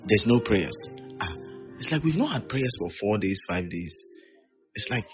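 A male pastor preaching a sermon, animated and teasing, with playful mock wailing. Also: on the low side, moderate pace, pauses often, dull audio, faint music behind.

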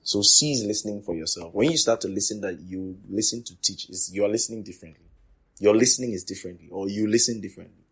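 A man delivers a teaching sermon in a lowish, husky voice. He repeats key phrases for emphasis and swings between forceful declarations and quiet, breathy asides. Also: quick pace. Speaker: preacher.

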